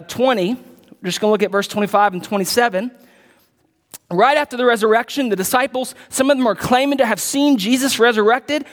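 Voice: mid-range voice, a bit bright, in a large hall. A pastor preaching a sermon in a conversational way, reading scripture aloud and adding casual asides to the congregation.

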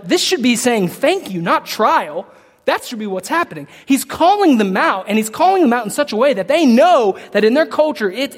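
A man preaching a sermon as pastor, talking casually to his congregation and building to loud, emphatic peaks. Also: high-pitched. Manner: conversational asides to the congregation. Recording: long reverb of a large hall.

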